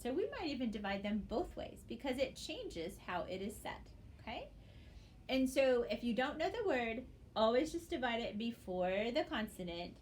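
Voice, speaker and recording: A woman teaching a phonics lesson, sounding out syllables slowly and checking in with "okay?" after each step. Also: a little high, very animated, a little hiss or hum. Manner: patient, checks in with frequent "okay?". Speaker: reading teacher.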